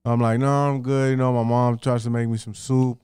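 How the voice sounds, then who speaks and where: A man's voice: medium pitch, monotone, a little fast, dark tone, smooth, no room sound, clean studio sound. A man casually telling a personal story on a podcast, loose and profane, acting out what his relatives said.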